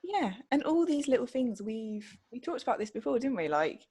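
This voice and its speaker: A woman's voice: a little high, big pitch swings, moderate pace, dark tone, husky. A woman co-hosting a podcast in casual chat, blunt and outspoken, swearing freely. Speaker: podcast co-host.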